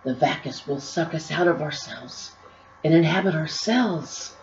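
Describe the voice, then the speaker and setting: A woman's voice: low-pitched, a little slow, background noise. A woman voicing a small, melodramatic female muse who exclaims in panic. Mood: doomful. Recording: roomy, slightly dull recording.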